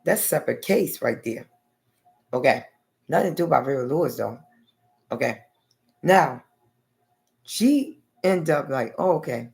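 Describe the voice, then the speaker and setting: A woman's voice: low-pitched, big pitch swings, unhurried, gravelly, long pauses, darkish tone. A woman vlogger telling a long personal story in a rambling, blunt way, often adding okay and honey.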